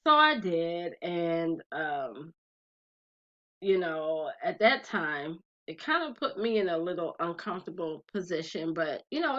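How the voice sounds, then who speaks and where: A young woman vlogger tells a story with a bright, clear voice and a pitch that swings high and low. She talks straight to her viewers in a chatty, animated way. The recording sounds a little dull and lo-fi. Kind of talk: casual storytelling vlog.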